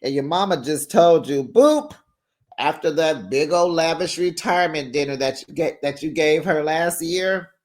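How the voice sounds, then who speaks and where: A man's voice: on the high side, normal speed. A man hosting a casual reality TV recap, sassy and playful, laughing often and acting out quotes in exaggerated voices.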